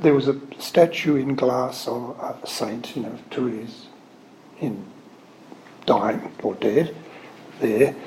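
A Catholic religious speaker gives an anecdotal spiritual talk, wandering off on digressions and frequently correcting himself while speaking earnestly and with open emotion about his subject. His voice is medium-pitched and dark, and the recording has a roomy echo, faint ambience, and a slight hiss or hum.

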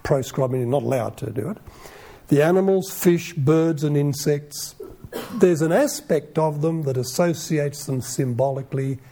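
A man giving an informal Bible teaching in a conversational way, full of rhetorical questions and lively asides. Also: fairly high pitch, normal speed.

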